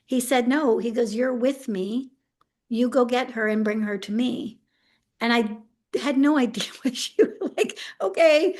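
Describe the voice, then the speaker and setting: A middle-aged woman being interviewed, telling a story in a relaxed, animated way, acting out what people said and laughing often. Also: on the high side. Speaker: autism integration specialist, interview guest.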